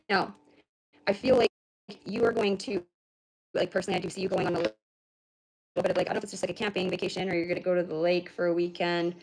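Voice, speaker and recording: A woman's voice: lowish voice, a little mellow. Woman giving a rambling livestream reading. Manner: rambling, heartfelt, casual swearing. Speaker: spiritual reader.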